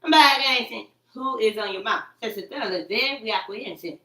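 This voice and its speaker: A woman's voice: fairly high pitch, a little fast, a bit bright. A woman talking in a rambling, agitated monologue, repeating herself, cursing and quoting her own words back. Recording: echoey room, far from the mic.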